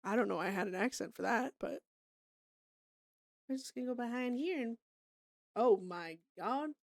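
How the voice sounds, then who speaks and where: Young woman streamer from Canada, light high voice, loose laughing chatter with plenty of swearing, close dry mic. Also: animated, normal speed, creaky, dry recording. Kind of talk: casual chat to stream viewers.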